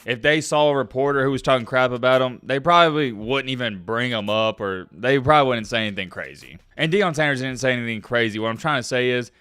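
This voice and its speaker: A man giving casual sports commentary, animated and excitable, talking straight to his viewers. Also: mid-range voice, fast, hardly any pauses, clean tone, dry recording.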